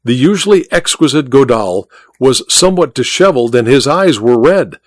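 Animated male audiobook narrator. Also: medium pitch, normal speed, no room sound, studio quality. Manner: expressive, animated storytelling.

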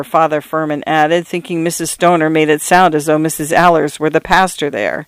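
A man's voice: fairly high pitch, fairly even intonation, normal speed, a bit bright, clean tone, no echo. Man reading a short story, dry close sound. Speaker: narrator.

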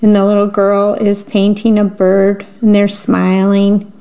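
Slow woman reading picture books aloud. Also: mid-range voice, monotone, vocal fry, warm tone. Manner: describes the illustrations between lines. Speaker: reader. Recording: dull lo-fi recording.

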